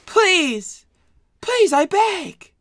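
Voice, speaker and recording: A woman voicing a frightened, groveling female assistant who begs in a high voice. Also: big pitch swings, very slow, a bit bright, no room sound, heavily acted. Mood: pleading. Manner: pleading, high-pitched begging.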